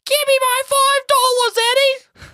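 A tiny, cranky ghost miner squawks his demands in a piercing, very high voice, put on by a woman. The sound is dry and close, with no room echo. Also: level tone, a little slow, heavily acted. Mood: grumpy. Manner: shrill shouty demands. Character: grumpy little male ghost miner dwarf.

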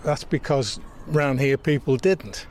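Older southwest Lancashire man, halting. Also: medium pitch, a little mellow, a little hiss or hum. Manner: halting, many restarts. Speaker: interviewee. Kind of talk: reminiscing conversation.

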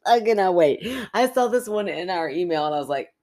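A woman's voice: lowish voice, expressive, brisk, crowd noise. A woman co-hosting a chatty podcast, reading a spooky listener story with drama and laughing often. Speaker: podcast co-host, the skeptic. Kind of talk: casual chat, reading a listener story aloud.

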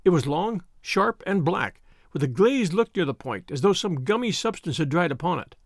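A man narrates a classic detective story in a measured, expressive way. His voice sits high with a gravelly texture and lively pitch, and the recording is dry and close. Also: dry recording. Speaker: audiobook narrator. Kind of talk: storybook reading.

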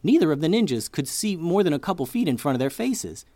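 A man's voice: fairly high pitch, big pitch swings, fast talker, mellow, no room sound. A man hosting a children's story podcast who narrates expressively, like a storyteller for kids.

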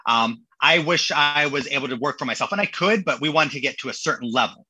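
A man in his thirties, a podcast guest telling stories in a casual, animated way and acting out the people he quotes. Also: mid-range voice, brisk, husky, no room sound, low-quality recording. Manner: animated, acts out quotes in voices. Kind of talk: casual storytelling.

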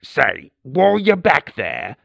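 A man voicing a huge, lazy male mole stuck in a tunnel, talking in a low, muffled, apologetic way. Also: huge pitch swings, slow, vocal fry, a bit bright, slightly rough, no echo, exaggerated voice. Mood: sheepish.

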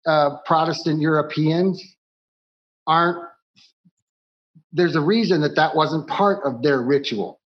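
A man's voice: on the high side, unhurried, long pauses, slight background noise. Blunt man, slightly muffled sound. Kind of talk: casual chat.

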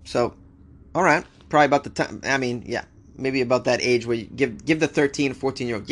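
A man from the United States hosts a news show in a medium-pitched, fairly bright voice, speaking briskly. As he reads the stories aloud, he talks back to them with wry humor in a casual commentary style.

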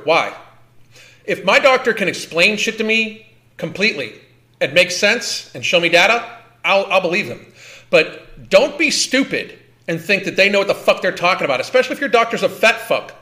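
A man's voice: high voice, very animated, normal speed, bright, forceful tone. A man reacting to a clip, ranting bluntly and heatedly, swearing a lot and repeating words. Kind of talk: profane ranting commentary.

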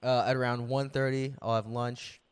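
A man's voice: mid-range voice, flat delivery, moderate pace, smooth. A young man co-hosting a podcast, chatting casually in a laid-back way and laughing often. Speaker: podcast co-host. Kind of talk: casual chat.

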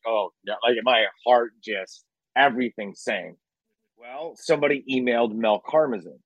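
A man in casual chat, telling a radio story with lively acted-out quotes and casual swearing. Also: mid-range voice, no echo, poor audio.

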